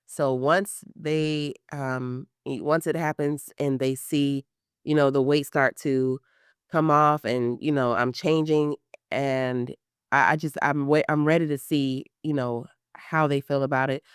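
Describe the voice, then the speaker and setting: A woman in her thirties, an interview guest facing surgery, tells a personal story with animated delivery, lots of fillers, and acted-out quotes. Her very deep voice is clear and resonant and a little slow, captured in studio quality with no echo.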